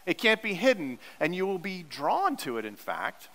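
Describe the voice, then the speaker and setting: A man's voice: high-pitched, huge pitch swings, moderate pace, a bit bright, long reverb tail, rough recording. A male pastor preaching a sermon in an earnest, teacherly way, leaning hard on repeated words for emphasis.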